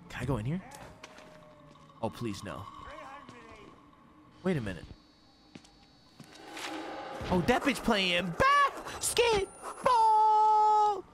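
A young man streaming a horror game, swearing, talking to his chat as "gang" and dropping to a hushed whisper when scared. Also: fairly high pitch. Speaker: gaming streamer. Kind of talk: live horror game commentary. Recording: game music audible behind.

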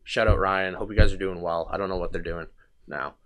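A man's voice: sits low, steady tone, fairly quick, noisy background. A young man hosting a podcast, telling a long casual story with restarts, fillers and swearing. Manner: rambling anecdotes with frequent restarts and swearing. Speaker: podcast host.

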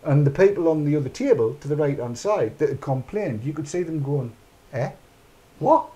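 A man's voice: a little high, lively intonation, brisk, dark tone. A middle-aged man, hosting a casual chat show in a rambling, chatty way and narrating his own actions aloud. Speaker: podcast host.

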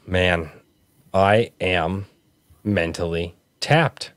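Male podcast host: animated, self-mocking rambler, close dry mic. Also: mid-range voice, normal speed, dry recording. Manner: rambling, self-deprecating, jokey. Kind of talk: casual podcast chat.

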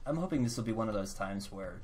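A man's voice: lowish voice, lively intonation, fast, crowd noise. A man hosting a gameplay video, chatting casually in a rambling, self-mocking way while he plays at his computer. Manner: rambling, self-mocking, breaks into silly voices. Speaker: gaming channel host.

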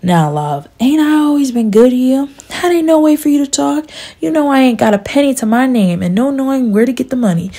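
A woman's voice: high voice, lively intonation, a little fast, dark tone, voice pushed up. A woman voicing an aging, self-pitying male farmer who pleads and complains in a storybook reading. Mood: pleading.

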